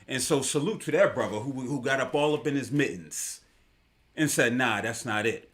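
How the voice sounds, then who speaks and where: A man's voice: medium pitch, normal speed. A man hosting a live online talk show, giving casual commentary in an emphatic, slangy way and repeating his points for effect.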